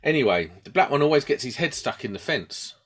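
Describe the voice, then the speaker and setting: A man's voice: medium pitch, fairly quick, breathy edge. A man with a British accent chatting casually, telling a long rambling story and acting out the voices of the people in it. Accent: British English. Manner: rambling and animated, acts out voices in his stories.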